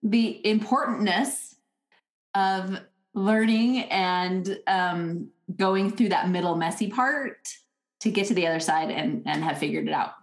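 A woman co-hosting a podcast in casual chat, animated and acting out little quoted thoughts. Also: medium pitch, measured pace, reverberant. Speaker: podcast co-host.

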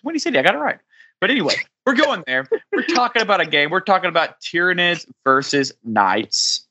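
Bright-voiced joking podcast host man. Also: sits high, sing-song, a little fast. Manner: playful, joking introductions. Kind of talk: casual podcast banter.

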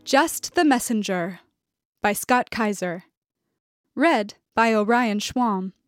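A woman hosting a podcast, reading sponsor credits and introductions in a clear, measured manner. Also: fairly high pitch, animated, dry recording, faint music behind. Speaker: podcast host and artistic director. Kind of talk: scripted host announcements.

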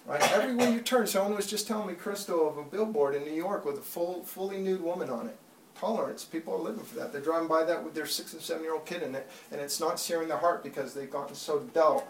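A man's voice: a little high, fast, vocal fry, background noise. A man preaching a sermon to a congregation, talking plainly and then building to urgent, impassioned appeals. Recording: echoey room, mic far off.

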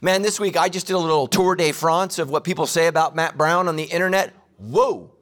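A man preaching a sermon in a casual, joking way, slowing down to repeat key lines. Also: fairly high pitch, fairly bright tone. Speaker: pastor.

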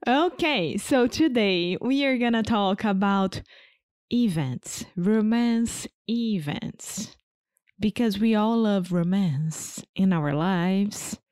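A woman's voice: medium pitch, animated, slow, darkish tone, clean tone, no room sound, studio quality. Giggly woman podcast co-host. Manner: giggly, laughs often. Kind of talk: casual chat.

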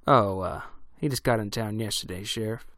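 A man voicing a calm, older male townsman who speaks in a soothing, reasonable way. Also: on the low side, moderate pace, no echo, studio quality.

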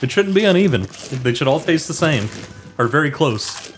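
A man's voice: fairly high pitch, lively intonation, moderate pace, faint music behind. A man co-hosting a casual comedy podcast, chatty and laughing often. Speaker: podcast co-host.

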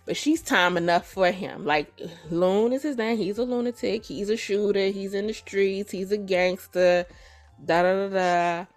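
A woman hosting a podcast who retells a story in a casual, animated and profane way. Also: medium pitch, unhurried, soft background music. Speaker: podcast host. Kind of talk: casual chat.

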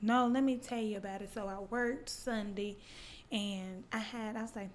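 A woman's voice: mid-range voice, fairly even intonation, normal speed, a little hiss or hum. A woman co-hosting a podcast in casual chat, playful and sassy, with slangy jokes. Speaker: podcast co-host.

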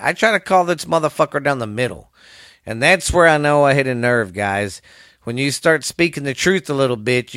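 A man's voice: medium pitch, a bit bright, no room sound, studio quality. A middle-aged man with a Southern US accent hosting his own podcast alone, rambling in a profane, fired-up drawl. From American South. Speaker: podcast host. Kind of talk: casual solo podcast rant.

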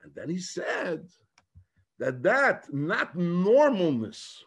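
Man, rabbi, husky voice, halting, emphatic, talk at a gathering. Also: high voice, sing-song. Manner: halting, repeats words, rising to emphatic bursts. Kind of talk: farbrengen talk mixing English and Yiddish.

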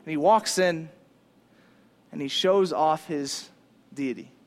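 A male pastor preaching a sermon in an animated, casual, conversational way, using slang. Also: a little high, slow.

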